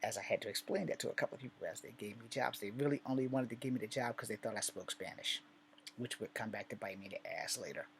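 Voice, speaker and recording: A man's voice: lowish voice, quick pace, fairly bright tone, a little hiss or hum. A man from Virginia telling personal stories in a candid, rambling and profane way, in a casual vlog.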